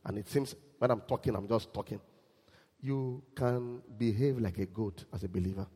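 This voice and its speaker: A man preaching a sermon in church, animated and quizzing his congregation. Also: fairly low pitch, normal speed, slightly rough, in a large hall. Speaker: pastor.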